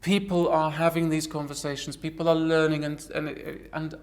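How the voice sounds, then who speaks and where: A woman in her forties, an actress in an interview, speaking earnestly and reflectively with frequent halting restarts. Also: deep voice, little pitch movement. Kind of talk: personal interview storytelling.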